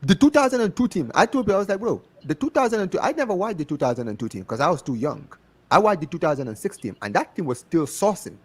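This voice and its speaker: African-accented guy on a fan call, fired up, voice swooping all over, pitched a bit high. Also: fast, breathy edge. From United States. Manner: animated, passionate, repeats himself for emphasis. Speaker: guest on a fan show. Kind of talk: casual chat.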